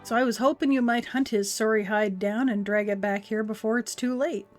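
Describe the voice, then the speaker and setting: A woman's voice: fairly high pitch, steady tone, brisk, soft background music, close to an everyday voice. Woman reading as a stern rustic farm overseer. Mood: earnest. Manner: reads game dialogue aloud in an old-fashioned rustic way. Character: stern farm overseer vowing to punish a rogue.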